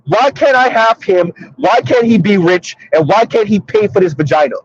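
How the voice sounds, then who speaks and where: A whiny, entitled woman firing off demanding questions, as a man mockingly puts her on. The voice sits fairly high and sounds a little husky. The recording is dull and lo-fi. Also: lively intonation, normal speed, no echo.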